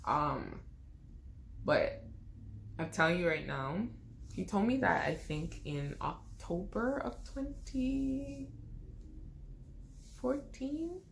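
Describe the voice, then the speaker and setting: A young woman vlogger telling a personal story in a lively, expressive way, with casual slang. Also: mid-range voice, takes it slowly, creaky, long pauses, slight background noise.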